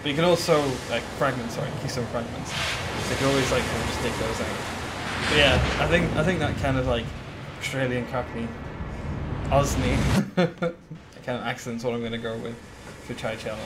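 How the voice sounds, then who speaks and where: Heavy background noise surrounds a man speaking fairly quickly in a medium pitch as he streams a game. He chats casually and rambles about his plans, leaning on fillers and replying to his chat.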